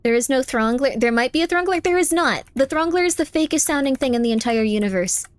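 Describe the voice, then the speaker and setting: A high-pitched woman streamer chatting while she games, playful and teasing, repeating her denials again and again. She jumps into squeaky protests now and then. Her voice sits on a close mic in a dry, dead-sounding space. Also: expressive, fast talker, smooth, dry recording. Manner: playful, teasing, insistent, repeats phrases over and over. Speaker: live streamer. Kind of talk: casual live-stream chat while gaming.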